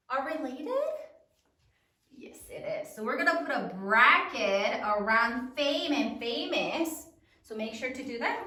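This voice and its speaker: A woman teacher leading a spelling lesson for children, sounding out letters slowly and clearly in a cheerful way. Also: high voice, big pitch swings, sharp tone, reverberant, far from the mic.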